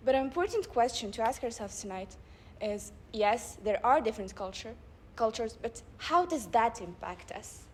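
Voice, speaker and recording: A young woman delivering a public speech at a debate club event, building her points with rhetorical questions and measured emphasis. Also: fairly high pitch, darkish tone, slight background noise. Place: live event before an audience.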